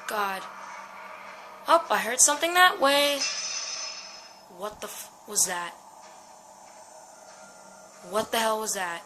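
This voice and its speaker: A woman gives let's-play commentary on a horror game in a medium-pitched, very animated voice, speaking slowly with long pauses over background noise. She's jumpy, swears, and talks to herself.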